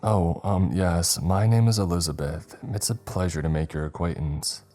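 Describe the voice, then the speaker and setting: A man's voice: sits low, steady tone, normal speed, darkish tone, faint music behind, close to an everyday voice. A man voicing a meek, prim young woman patient who speaks formally and whimpers.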